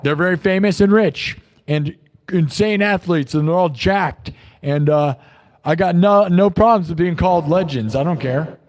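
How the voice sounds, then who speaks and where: A man hosting a livestream, chatting casually in a rambling, excitable and joking way. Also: high voice, normal speed. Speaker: livestream host.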